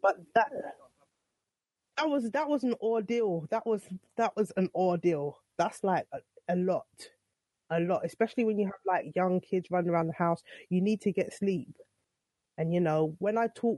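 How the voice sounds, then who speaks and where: A young adult woman casually tells her side of a story, exasperated and acting out what was said with quoted dialogue. Her mid-range voice has a dark tone, with no echo.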